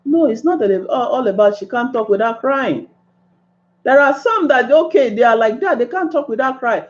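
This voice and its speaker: Woman, impassioned monologue, pleading, high voice, dull lo-fi recording. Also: animated, normal speed. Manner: earnest, pleading, rising to exclamations. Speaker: speaker giving advice.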